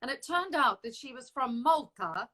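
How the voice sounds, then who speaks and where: A woman hosting an interview, chatty and expressive, who laughs often as she talks. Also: high-pitched, normal speed, poor audio. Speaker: interview host. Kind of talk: casual interview chat.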